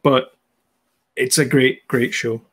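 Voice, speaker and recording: A man's voice: medium pitch, fairly even intonation, slow, fairly bright tone, husky. A man co-hosting a podcast, talking in a loose, rambling way. He circles back and restarts his sentences often, in an ordinary mid-range voice. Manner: rambling, hesitant, lots of fillers and restarts. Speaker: podcast co-host. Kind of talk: casual chat.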